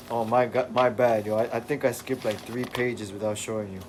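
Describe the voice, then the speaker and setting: A young man chatting casually on a livestream while reading comics aloud, relaxed and slangy. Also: medium pitch, a little fast, few pauses, slight background noise.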